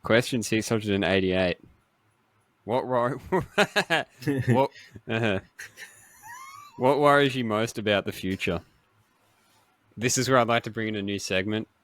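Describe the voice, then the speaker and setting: A man's voice: on the low side, measured pace, pauses often, dry recording. A young Australian man co-hosting a podcast in casual chat, joking and swearing freely. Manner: joking, profane, animated. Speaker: podcast co-host.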